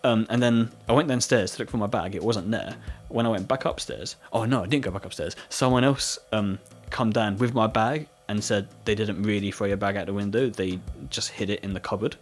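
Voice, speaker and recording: Husky young British man telling stories. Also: lowish voice, fairly quick, hardly any pauses. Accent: British English. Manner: rambling storytelling with frequent "like" fillers, laughing often. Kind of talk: casual chat.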